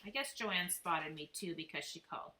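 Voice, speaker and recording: A woman reads a children's book aloud in a lively, expressive way. Her voice is bright and a little low, with a roomy echo and a faint hiss behind it. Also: normal speed. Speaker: reader. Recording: echoey room, faint noise.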